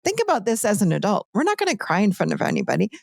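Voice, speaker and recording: A woman as a podcast guest and author, explaining ideas with lively, animated storytelling in a conversational teaching style. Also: medium pitch, very fast, gravelly, dry recording, clean studio sound.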